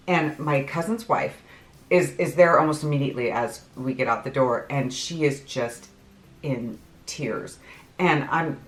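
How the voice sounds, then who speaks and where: A middle-aged woman with a low voice chats her way through a long personal story, full of fillers and small laughs. She talks casually as she gets ready. The sound is echoey, as if from a bare room. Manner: chatty, rambling, laughs often, lots of fillers. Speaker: vlogger.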